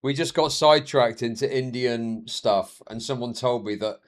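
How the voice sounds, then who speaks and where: A man's voice: mid-range voice, normal speed. A man, streaming and reacting to a video with laughing, mocking asides.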